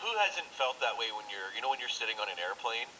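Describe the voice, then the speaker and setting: A man with a bright, mid-pitched voice chats casually on a radio language show, trailing off with fillers as he explains idioms. He slips into mock-annoyed voices for his examples. A faint hiss runs under the broadcast. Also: quick pace, poor audio. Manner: relaxed, hesitant with fillers, acts out exasperated example lines. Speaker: native English co-host.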